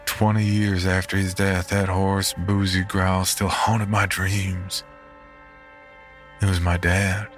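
A man narrating a horror story in a measured, grim manner. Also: deep voice, flat delivery. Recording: narration over background music.

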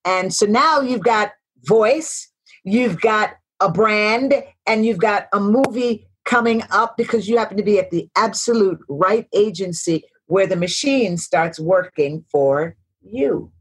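Guest actress, woman in her sixties, reflective storyteller, middle-pitched voice. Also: unhurried, slightly rough. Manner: reflective, storytelling, repeats phrases for emphasis. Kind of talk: casual interview talk.

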